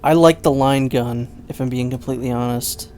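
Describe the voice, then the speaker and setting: A man's voice: medium pitch, steady tone, moderate pace, a little mellow, slight background noise. A man giving rambling, chatty, self-mocking commentary while playing a game. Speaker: gameplay commentator. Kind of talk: casual let's-play commentary.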